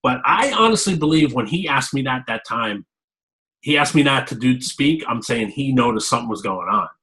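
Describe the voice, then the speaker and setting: Man, fitness coach, interview, candid, rambling, mid-pitched voice. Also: animated, moderate pace, bright, forceful tone, rough recording. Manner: rambling, candid, repeats himself. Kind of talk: casual interview talk.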